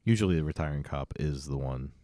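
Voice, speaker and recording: A man co-hosts a casual film podcast, mixing short asides with longer explanations. His voice sits very low and mellow, recorded close on a dry mic. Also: expressive, fast talker, no room sound. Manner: brief interjections, explains with "like". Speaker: podcast co-host.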